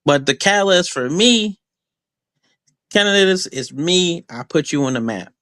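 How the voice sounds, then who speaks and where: A man's voice: on the high side, expressive, a little slow, a bit bright, no echo. A man, a guest wrestler, talking through boastful trash talk in a loose, rambling way, full of fillers and restarts. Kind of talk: casual podcast interview.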